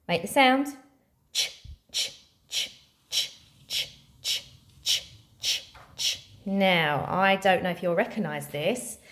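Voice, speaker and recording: A woman teacher leading a phonics lesson for young children, speaking slowly and encouragingly and sounding out letters one by one. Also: fairly high pitch.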